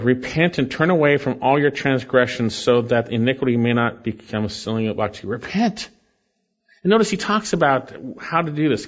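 A man preaching a sermon, reading scripture aloud and pleading earnestly with his listeners. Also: medium pitch. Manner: earnest, emphatic, rising and falling with scripture readings. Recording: slightly dull lo-fi recording.

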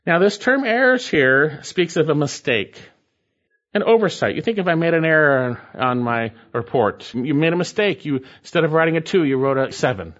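Lively high-voiced preacher, emphatic. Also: male voice, moderate pace, lo-fi sound. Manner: emphatic, repeats key phrases. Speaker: pastor. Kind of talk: expository sermon.

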